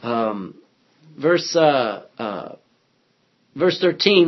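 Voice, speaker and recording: A man's voice: on the high side, big pitch swings, moderate pace, husky. A man teaching a Bible study class, reading scripture aloud and putting questions to his listeners. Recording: dull lo-fi sound.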